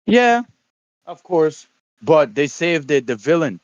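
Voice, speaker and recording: A man co-hosting a stream, chatting casually in a rambling, halting way and often repeating words. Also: a little high, big pitch swings, no room sound, dull audio. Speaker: stream co-host. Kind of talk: casual chat.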